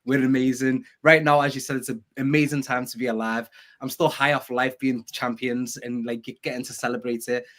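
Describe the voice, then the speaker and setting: A man's voice: medium pitch, steady tone, fairly bright tone. A man joining a casual fan panel over a video call, eager and enthusiastic. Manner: eager, enthusiastic, talks in rushes. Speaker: panel guest.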